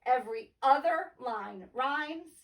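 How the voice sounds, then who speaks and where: A woman's voice: sits high, expressive, slow, distant mic. A woman teacher giving a remote poetry lesson from home, explaining patiently and tapping out rhythms aloud.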